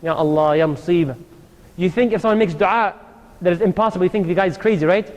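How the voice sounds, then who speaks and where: A man's voice: high voice, quick pace. A man giving a casual, joking sermon straight to a live crowd in a hall. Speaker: Islamic lecturer. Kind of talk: lively sermon to a live audience. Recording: long hall reverb.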